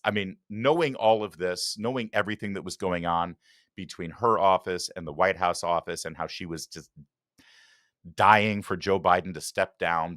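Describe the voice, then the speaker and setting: A man's voice: low voice, fairly bright tone, no room sound, clean studio sound. A man hosting a political commentary show, talking with sarcastic, mocking asides. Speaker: talk show host.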